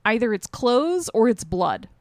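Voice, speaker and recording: A woman's voice: a little high, measured pace, no echo, clean studio sound. A woman co-hosting a podcast, chatting casually about a film in loose, rambling thoughts with lots of fillers. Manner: relaxed, talks in loose run-on thoughts with many fillers. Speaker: podcast co-host. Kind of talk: casual movie discussion.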